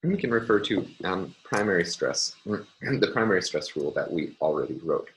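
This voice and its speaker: A man's voice: sits low, expressive, normal speed, a little hiss or hum, low-quality recording. A man giving a recorded university phonology lecture, explaining step by step with frequent ums and uhs.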